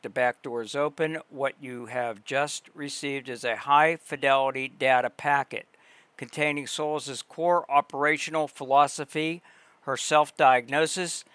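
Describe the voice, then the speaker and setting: A man hosting a livestream, reading a long text aloud slowly and deliberately, pausing and restarting words. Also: mid-range voice, sharp tone, clear, resonant tone, dry recording. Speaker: livestream host.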